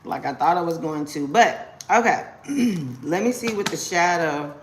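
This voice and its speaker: A young adult woman giving a casual live-stream tarot reading, slangy and quick to exclaim. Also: fairly low pitch, expressive, a little hiss or hum. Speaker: tarot reader.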